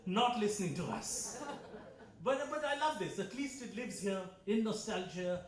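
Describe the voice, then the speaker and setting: A man's voice: high-pitched, lively intonation, moderate pace, echoey room, a crowd in the background. A man from India with an Indian English accent, doing a stand-up comedy set with a dry, ironic delivery and frequent self-corrections. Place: club hall with a live audience. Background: audience laughter.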